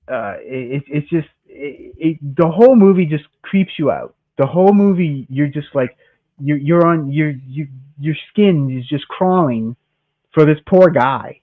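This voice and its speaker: A man co-hosting a casual live film chat, enthusiastic but stumbling over repeated words. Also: fairly high pitch. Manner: enthusiastic, stammering repetitions. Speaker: co-host. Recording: dry tinny call audio.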